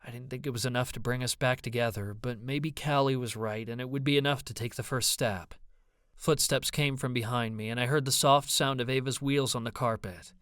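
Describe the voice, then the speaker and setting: A man's voice: medium pitch, steady tone, a little fast, a bit bright, clear, resonant tone, no echo, studio quality. A man narrating an audiobook in first person, with a brooding, introspective manner.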